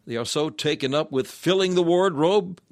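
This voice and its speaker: A man's voice: a little high, moderate pace, no echo, studio quality. A man reading an old-fashioned sermon aloud in an earnest, exhorting, solemn manner. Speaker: sermon reader.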